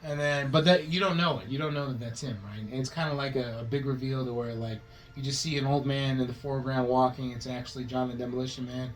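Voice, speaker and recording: A man co-hosting a podcast, pitching a movie plot in a rambling, swearing way and acting out the characters' lines in quick changing voices. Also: steady tone, poor audio. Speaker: podcast co-host.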